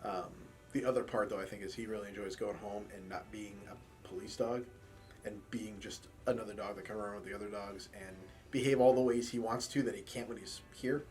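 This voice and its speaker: A man's voice: on the low side, a little fast, faint music behind. A man who works as a campus police officer and handles a support dog, telling stories in a documentary interview and acting out quoted dialogue as he goes. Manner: relaxed storytelling with quoted dialogue.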